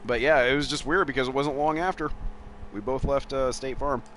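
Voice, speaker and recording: A man's voice: medium pitch, brisk, a bit bright, slight background noise. A man streaming a racing game, chatting casually and telling rambling stories with lots of swearing and chuckles. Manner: rambling, profane, chuckling storyteller. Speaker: gaming streamer.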